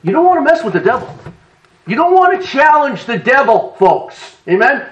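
Animated preacher man with a lively voice. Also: extremely high pitch, moderate pace, far from the mic, dull audio. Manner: animated storytelling preacher, laughs and acts out quotes. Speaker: pastor. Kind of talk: sermon.

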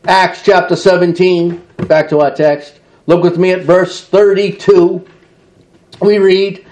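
A pastor preaches with passion, reading scripture aloud and dramatically acting out the voices of the mockers. His voice is high and a little mellow, with little pitch movement, and he speaks slowly.

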